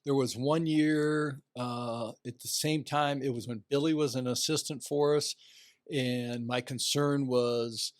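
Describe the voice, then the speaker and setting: A man's voice: mid-range voice, a little slow, no room sound, studio quality. A man in his sixties, an athletic director, telling anecdotes in a casual interview and briefly acting out other people's voices. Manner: animated anecdotes, acts out quoted voices. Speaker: guest, retiring athletic director.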